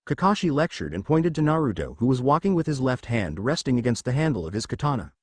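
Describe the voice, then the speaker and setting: A man reading a fan fiction story aloud as narrator, at a steady, even reading pace. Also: medium pitch, quick pace, hardly any pauses, no room sound.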